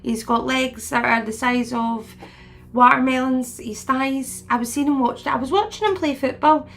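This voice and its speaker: A woman's voice: high voice, moderate pace, creaky, fairly bright tone. A woman in her forties chatting casually to viewers, rambling and laughing often as she retells conversations. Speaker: spiritual medium host.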